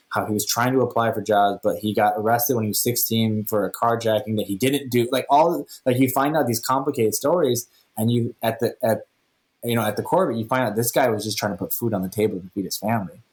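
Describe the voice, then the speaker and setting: A man with a fairly low voice, speaking as a podcast guest. He tells stories in a casual, animated way and slips into the dialogue as he goes. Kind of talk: casual storytelling.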